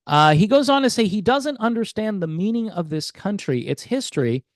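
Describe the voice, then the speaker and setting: Animated and high-voiced, a music commentary host speaks at normal speed with hardly any pauses in a dry recording. His opinion vlog is skeptical, full of rhetorical questions and halting restarts.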